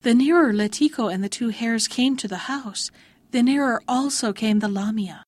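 A woman reads a fairy tale aloud in a calm, measured way. Her voice sits high, and the recording is dry and close. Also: no echo. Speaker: storyteller.

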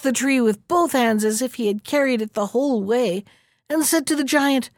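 A woman narrating a fairy tale in a lively, expressive storybook manner. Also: a little high, moderate pace, no echo, clean studio sound.

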